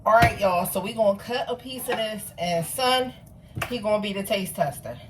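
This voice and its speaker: A woman's voice: mid-range voice, moderate pace, noisy background. Chatty Philadelphia woman baking at home. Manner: talks to viewers as "y'all", animated and self-deprecating. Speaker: home cook filming herself. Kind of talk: casual chatty baking vlog. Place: home kitchen.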